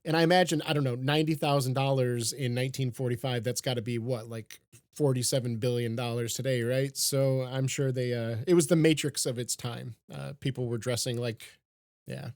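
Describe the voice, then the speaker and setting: A man from the American Midwest chats casually as a podcast co-host. He rambles, jokes and corrects himself along the way. His voice sits at an ordinary pitch and sounds dry and close. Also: steady tone, fairly quick, dry recording. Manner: rambling, jokey, self-correcting. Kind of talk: casual chat.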